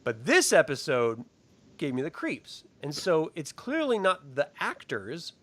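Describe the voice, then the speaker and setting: A man's voice: fairly high pitch, wildly swooping pitch, unhurried, fairly bright tone. A man hosting a casual TV review chat, laughing often and swearing freely. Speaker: show host.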